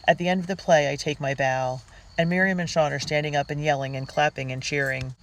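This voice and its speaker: A reader narrating a diary storybook in a girl's first-person voice, earnest and unhurried. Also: fairly high pitch, fairly even intonation, a bit bright, a little hiss or hum, low-quality recording. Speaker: audiobook reader.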